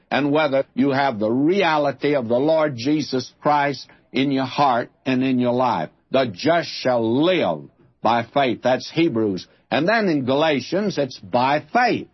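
A male Bible teacher preaching verse by verse in a slow, husky voice. His pitch rises and falls a lot as he stresses and repeats key phrases. The sound is dull and lo-fi, like an old broadcast tape. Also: animated.

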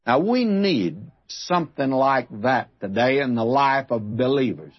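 A man teaching a verse-by-verse Bible sermon, deliberate and emphatic, repeating his key phrases. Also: mid-range voice, expressive, breathy edge, lo-fi sound.

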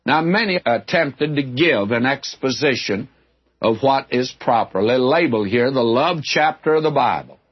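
Husky older man preaching a folksy sermon. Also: mid-range voice, animated, moderate pace. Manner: folksy, earnest, chuckling asides. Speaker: Bible teacher preacher. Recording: dull lo-fi old recording.

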